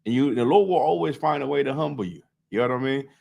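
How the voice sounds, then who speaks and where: A man's voice: mid-range voice, fast, vocal fry, a little mellow. Male scripture teacher, casual and talkative, keeps asking if the group follows. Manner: loose and talkative, constantly checking in with listeners. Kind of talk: conversational street-style scripture teaching.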